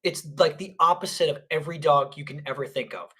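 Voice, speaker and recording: A podcast co-host in casual chat, telling stories in an animated, rambling way. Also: medium pitch, quick pace, slightly rough.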